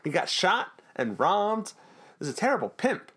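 A man's voice: sits high, big pitch swings, moderate pace, a bit bright. A man co-hosting a podcast, casually recapping a TV episode in a jokey, rambling way. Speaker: podcast co-host.

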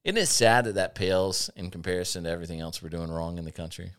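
A man's voice: deep voice, fast talker, a bit bright, clear, resonant tone. A man hosting a casual talk show, telling sardonic stories about an old job and laughing often. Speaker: podcast host. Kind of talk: casual chat, storytelling.

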